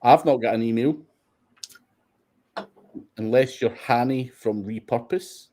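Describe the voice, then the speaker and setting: A Scottish man with a dark, mellow tone answers viewer questions in a relaxed, sweary way. He talks bluntly, laughing now and then between his points. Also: medium pitch, takes it slowly. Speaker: host of SEO Q&A. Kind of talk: casual livestream Q&A.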